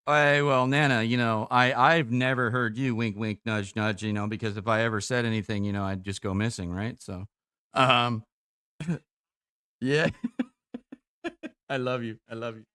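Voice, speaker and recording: A young man talks casually on a live stream while on a phone call, tired and loose, with frequent swearing. His voice is smooth and clear. The mic is close and dry, with no room sound. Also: medium pitch, unhurried, long pauses, sharp tone, no echo. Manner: casual and profane, laughing easily.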